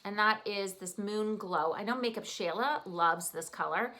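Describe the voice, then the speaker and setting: A woman's voice: mid-range voice, moderate pace, noisy background. A woman with a Canadian accent, chatting casually through a makeup tutorial in an upbeat way. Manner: chatty, upbeat, talks while applying makeup. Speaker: makeup artist.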